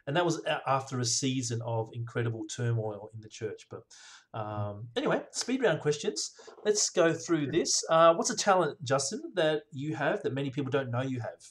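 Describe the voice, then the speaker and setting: A man hosting a casual interview, upbeat and affirming, often answering with quick "yes" replies. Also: mid-range voice, animated. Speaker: podcast host.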